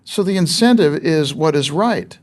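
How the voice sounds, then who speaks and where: A man's voice: fairly high pitch, animated, normal speed. A man preaching a sermon in a conversational, emphatic way, asking rhetorical questions of his listeners.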